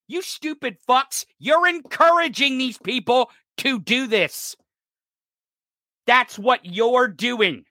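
A male podcast host delivering an angry, profane political rant, often shouting. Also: extremely high pitch, no room sound, clean studio sound.

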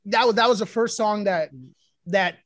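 A young man with a notably high voice talks as a rapper guest, excitable and teasing and full of swearing. The recording is close and dry. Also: normal speed, no echo. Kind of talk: casual chat.

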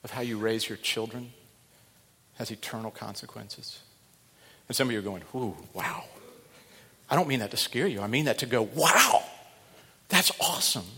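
A middle-aged man preaching in a large church sanctuary. He swings from hushed, intimate asides to loud, fervent calls, and the long reverb of a big hall trails every phrase. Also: medium pitch, a little fast, pauses often, breathy edge. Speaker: pastor. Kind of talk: sermon.

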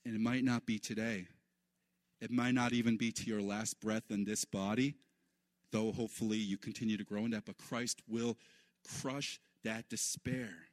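Animated preaching man, dry sound. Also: lowish voice, moderate pace, no room sound. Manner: animated preaching, voice leaping up for quoted lines. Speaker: pastor. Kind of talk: sermon.

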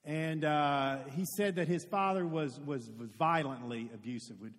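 A high-voiced man delivers a sermon in a church, preaching with earnest storytelling and turning to his congregation with direct questions. His voice rings out with a long hall reverb. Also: moderate pace. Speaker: pastor.

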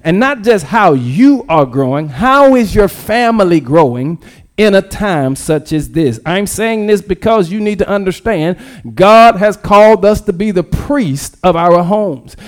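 A pastor preaching a sermon, calling for the congregation to repeat after him and repeating key phrases. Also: male voice, high-pitched.

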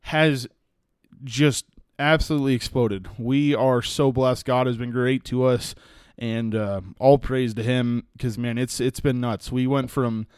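A man's voice: medium pitch, fairly even intonation, a little slow, a little mellow, clean tone, no room sound, studio quality. A young man with a Texan accent from West Texas, hosting a casual solo podcast, rambling through folksy stories with plenty of fillers. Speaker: podcast host and hunting guide.

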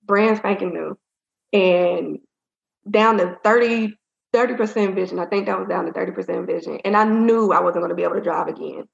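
A woman's voice: medium pitch, a little fast, gravelly. A woman in an interview, speaking candidly and rambling through a personal story with lots of fillers. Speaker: interview guest. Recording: roomy, dull-sounding audio.

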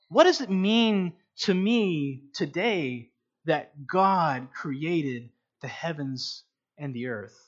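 A man giving an earnest, unhurried teaching on meditating on scripture, often restarting his sentences. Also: sits high, a bit bright. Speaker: Bible teacher. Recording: dull lo-fi recording.

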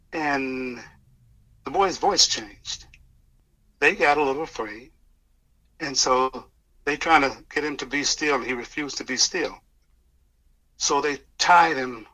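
Man earnestly retelling a story, bright voice. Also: medium pitch, poor audio. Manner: earnest, halting retelling with restarts and quoted dialogue. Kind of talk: personal testimony storytelling.

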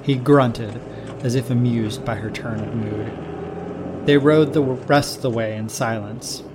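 A man hosting a short-story show, reading the narration in a calm, measured way. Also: mid-range voice, background noise. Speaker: narrator and host.

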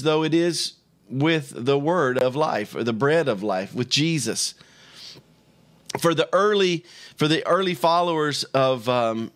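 A man's voice: a little high, fairly bright tone. A middle-aged man preaching a sermon as pastor, talking in a conversational way with frequent restarts and repeated words.

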